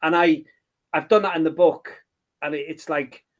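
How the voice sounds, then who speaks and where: A man's voice: fairly high pitch, normal speed, dull audio. A middle-aged man, a children's book author chatting in an interview, rambling and hesitant with many restarts. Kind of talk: casual interview chat.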